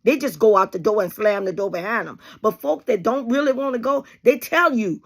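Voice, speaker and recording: A woman's voice: a little high, lively intonation, normal speed, vocal fry, hardly any pauses, a bit bright. A woman host giving emphatic, preachy relationship advice straight to her audience, calling them honey and baby. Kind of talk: direct-to-camera advice talk.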